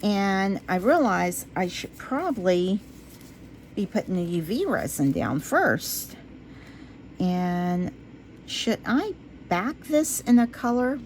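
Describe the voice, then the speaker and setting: A woman chatting casually to her viewers as she works on a craft project. She talks to herself while she works and drifts into low, quiet talk when she concentrates. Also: very animated, slow, slight background noise. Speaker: resin craft vlogger.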